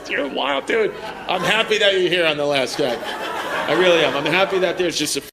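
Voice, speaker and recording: Brash high-voiced comedian over crowd laughter. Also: male voice, expressive, moderate pace, vocal fry. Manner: brash, profane, laughing at his own jokes. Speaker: stand-up comedian. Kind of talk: stand-up crowd work. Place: comedy club stage before a laughing crowd. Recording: club mic with loud crowd laughter and room noise.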